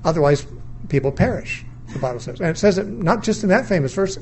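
There's a faint hiss or hum behind this high-pitched, darkish, expressive voice of a middle-aged man giving a Bible lesson in a sermon lecture at a fairly quick clip. Thoughtful and undogmatic, he asks questions, weighs views, and keeps restarting his sentences as he reasons aloud.

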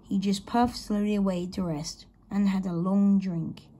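A woman reading a children's story aloud in a slow, gentle storybook manner. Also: medium pitch, fairly even intonation.

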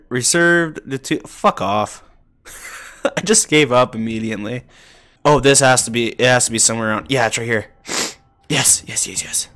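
A young man with a runny nose, playing a horror game as a streamer, swearing a lot, jumpy, muttering and talking to himself. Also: medium pitch. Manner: swears a lot, jumpy, shouts and laughs at scares, whispers when hiding. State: runny nose, recovering from illness. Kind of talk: casual let's play commentary.

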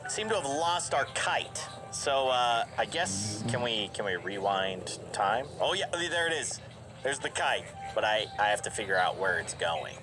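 A man giving lively, jokey commentary while playing a video game, reacting aloud and laughing often. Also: on the low side, a little slow. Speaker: gameplay commentator. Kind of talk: let's play commentary. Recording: game music playing behind. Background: game music.

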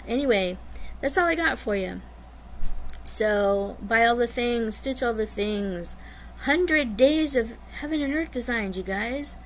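A woman chatting casually to her viewers in a rambling, bubbly way, often getting excited. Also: mid-range voice, a little hiss or hum. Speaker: cross-stitch vlogger. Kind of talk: casual chat to camera.

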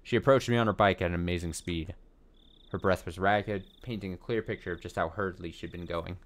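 Low-voiced man reading a visual novel. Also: brisk. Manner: expressive, swears when annoyed. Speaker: let's play streamer.

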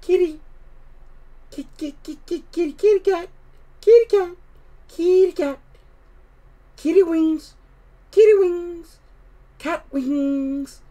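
A man voicing an excited young girl in a storybook read-aloud, talking in a high, hushed whisper. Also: slow pace, long pauses. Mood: eager.

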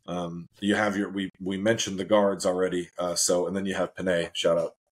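A man's voice: sits low, flat delivery, normal speed, slightly rough. A man co-hosting a casual sports chat, laid-back, laughing often and saying "man" a lot. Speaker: co-host.

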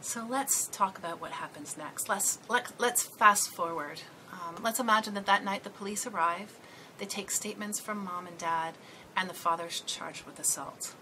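A woman's voice: medium pitch, normal speed, background noise. A woman trainer guiding listeners step by step through a case scenario. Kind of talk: training presentation.

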